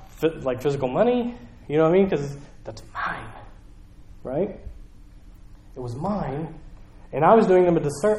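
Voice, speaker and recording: A man with a Southern US accent preaching a sermon in a conversational, animated way. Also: fairly high pitch, reverberant. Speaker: pastor.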